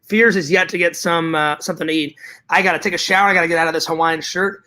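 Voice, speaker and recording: A man's voice: a little high, fairly even intonation, fast talker, bright, forceful tone. A man vlogging to his viewers in casual chat, hyper and rambling, with joking profanity.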